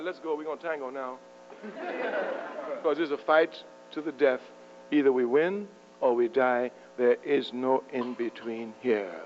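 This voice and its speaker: Fiery high-voiced man lecturing. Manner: emphatic, provocative, chuckling often. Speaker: political speaker. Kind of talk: fiery lecture to a live audience. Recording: muffled lo-fi with faint mains hum.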